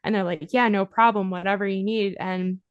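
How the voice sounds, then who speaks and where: A woman telling a story as a podcast guest, chatty and animated, with "like" in nearly every line. Her voice sits in a middle range. The sound is dry and close, with no room echo. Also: medium pitch, brisk, smooth, lo-fi sound. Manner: animated storyteller, heavy use of "like". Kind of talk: casual storytelling interview.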